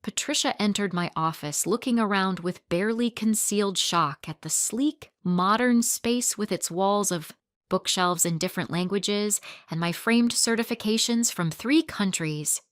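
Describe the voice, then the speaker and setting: A woman calmly narrating a first-person drama story in a measured way. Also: medium pitch, no echo, clean studio sound.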